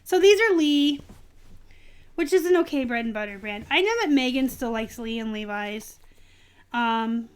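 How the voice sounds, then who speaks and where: A woman reselling clothes, chatting casually to her live-stream viewers with lots of ums and bursts of excitement. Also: a little high, moderate pace, clear, resonant tone. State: dry throat, clearing it.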